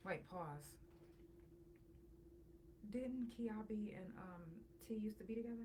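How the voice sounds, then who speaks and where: A woman hosting a podcast interview, asking soft, hesitant questions in a casual way. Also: mid-range voice, slow pace, slight background noise. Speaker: podcast host.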